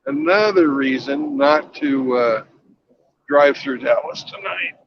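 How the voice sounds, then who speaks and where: A man's voice: mid-range voice, takes it slowly, lo-fi sound, background noise. A man hosting a casual talk show, joking with callers and telling a long joke. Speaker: host.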